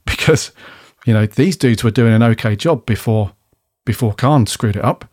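A man's voice: medium pitch, normal speed, hardly any pauses, darkish tone. A man in easygoing podcast conversation, talking through a TV episode in a loose, rambling way. He swears casually and laughs along as he goes. His voice sits close and dry, with no room echo around it. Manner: laid-back and chatty, swears freely, laughs often. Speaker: podcast co-host reviewing a TV episode. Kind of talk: casual chat.

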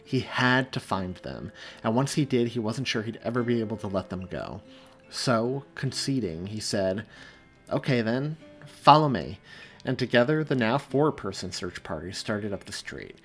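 A man, the author, reading his own story aloud in a measured, expressive audiobook narration. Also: on the low side, husky, soft background music.

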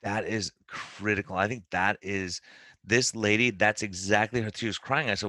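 A man hosting a podcast as a weight-loss coach, telling client stories in a casual, animated way and acting out their words. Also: lowish voice, fast talker, no room sound.

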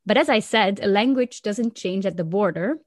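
A woman from Flanders, a Dutch speaker, chatting lively as a podcast co-host, laughing often and restarting sentences. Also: mid-range voice, normal speed, no echo. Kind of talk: casual explanatory chat.

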